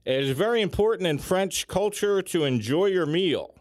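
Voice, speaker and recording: A man hosting a casual chat, talking in a chatty way with lively emphasis and frequent filler ums. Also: high voice, moderate pace, dry recording, studio quality.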